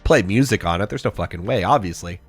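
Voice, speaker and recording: A man's voice: deep voice, expressive, fast, husky, faint music behind. A man co-hosting a podcast in casual chat, joking and riffing with silly voices and sound effects. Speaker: podcast co-host.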